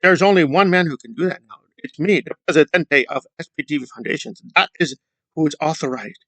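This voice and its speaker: A man's voice: on the high side, fairly quick, a bit bright, no room sound, lightly acted. A man mocking a pompous, self-important man. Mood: mock-indignant. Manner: indignant, boastful, sarcastic parody.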